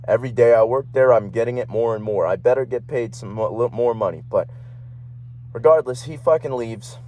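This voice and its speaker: A young male podcast host with a warm, medium-pitched voice talks a little fast in a casual ranting monologue. He's heated, rambling and profane, with a faint hum in the background.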